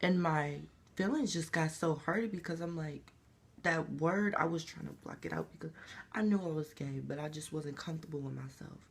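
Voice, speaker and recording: A man's voice: fairly high pitch, moderate pace. A young man telling his story in an emotional, rambling confessional vlog. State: crying. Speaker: vlogger.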